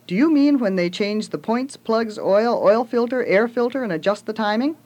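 A woman's voice: mid-range voice, sing-song, fairly quick, lightly acted. A woman voicing a small, determined mother who talks sweetly but insists on her point. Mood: sweetly insistent.

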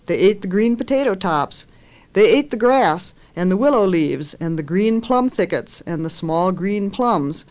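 With a medium-pitched voice, a woman author gives a measured, expressive reading of a story. Dialogue lines get a raised voice to set the characters apart.

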